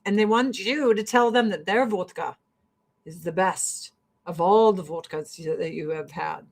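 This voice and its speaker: American woman, casual get-ready chat, swears a lot, animated storyteller, mid-pitched voice. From United States. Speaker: vlogger.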